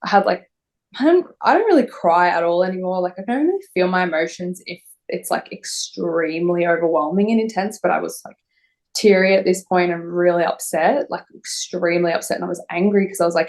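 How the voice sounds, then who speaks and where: A young woman telling a personal story in an interview, halting and emotional with many fillers. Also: lowish voice, a little mellow. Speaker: interview guest.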